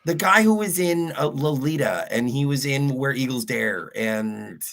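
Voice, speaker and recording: A woman's voice: extremely low pitch, lively intonation, unhurried. A woman on a casual live stream panel with a wry, teasing manner. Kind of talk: casual banter.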